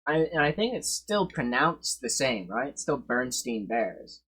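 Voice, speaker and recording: A man streaming and reacting casually, swearing and breaking into loud excited bursts. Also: mid-range voice, unhurried, husky.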